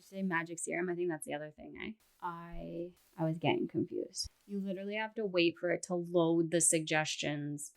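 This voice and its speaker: A woman's voice: on the low side, vocal fry. A woman reacting to clips in casual commentary, exasperated and sarcastic in her asides. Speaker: commentary youtuber.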